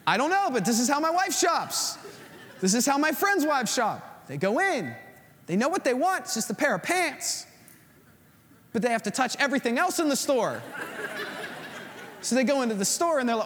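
Male pastor, high and very expressive delivery, sermon in a reverberant church. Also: a little fast. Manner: animated preaching, acts out stories.

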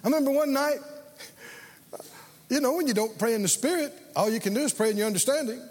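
A man's voice: very high-pitched, fast talker, darkish tone, long reverb tail. A man preaching a sermon, telling stories and leading call-and-response with his congregation.

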